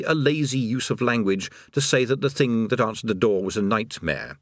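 A man reads a comic novel aloud in a wry, expressive way. His pitch moves widely through each sentence. The close studio recording is dry, with no room sound. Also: normal speed, few pauses, no room sound. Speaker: audiobook narrator. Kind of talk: scripted narration.

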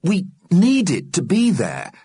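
A man's voice: high-pitched, huge pitch swings, slow, warm tone, husky, no echo, clean studio sound, pitched above the performer's own voice, heavily acted. A man voicing an earnest, anxious young boy who stammers when worked up.

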